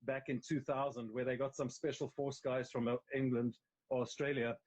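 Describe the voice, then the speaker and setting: A man's voice: medium pitch, level tone, a little fast, a little mellow, rough recording. A man with a South African accent, an actor chatting in a live interview, talking in long, emphatic runs full of restarts. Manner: rambling, emphatic, frequent restarts. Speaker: actor guest. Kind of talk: casual interview chat. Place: at home on a live video call. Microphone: mobile phone live stream.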